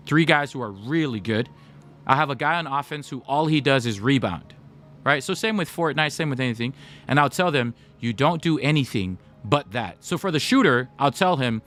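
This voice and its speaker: A man's voice: medium pitch, fairly bright tone. A young man chatting casually with his stream viewers, telling stories and talking straight to the chat. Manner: chatty, storytelling, talks to chat. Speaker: gaming livestreamer.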